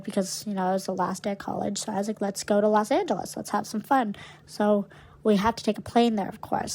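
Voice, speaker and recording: A woman's voice: medium pitch, low-quality recording. Young woman co-host, brash and foul-mouthed, dramatic storyteller, casual chat. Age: young adult. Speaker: podcast co-host.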